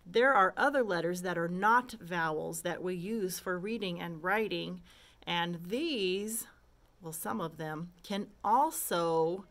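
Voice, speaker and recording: Female kindergarten teacher, slow deliberate delivery, clear bright tone, models each sound for little kids. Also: fairly low pitch. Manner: stretches and models letter sounds, asks simple questions. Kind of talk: slow, patient phonics lesson for young children.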